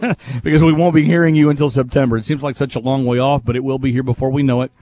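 A man's voice: mid-range voice, steady tone, very fast, mellow, no echo. A man hosting a sports radio show, reading listener email aloud in casual banter and laughing often. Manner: laughs a lot, reads aloud with gusto.

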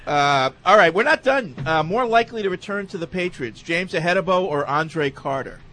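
Slightly high-voiced male radio host. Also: animated, sharp tone, slight background noise. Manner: mocking, quick to jab. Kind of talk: casual sports talk radio banter.

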